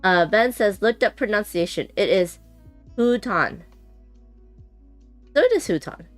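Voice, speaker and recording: A woman's voice: medium pitch, expressive, a little slow, no echo, faint music behind. A woman chatting casually and giggling as she unboxes a board game on a stream, thinking aloud as she goes.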